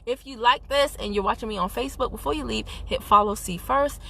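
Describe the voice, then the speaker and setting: A woman's voice: on the high side, brisk, gravelly, sharp tone, faint music behind. A woman giving an emphatic, sassy motivational talk on a live stream, speaking into a phone while driving her car. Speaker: network marketing team leader.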